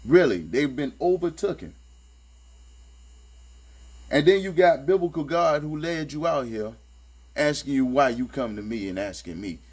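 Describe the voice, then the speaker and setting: A man's voice: expressive, unhurried, pauses often, darkish tone, slightly rough. Streetwise sarcastic man, humming recording. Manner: streetwise, sarcastic, emphatic, repeats phrases. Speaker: commentator reading and critiquing scripture. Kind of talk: casual spoken commentary. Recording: low electrical hum behind the voice.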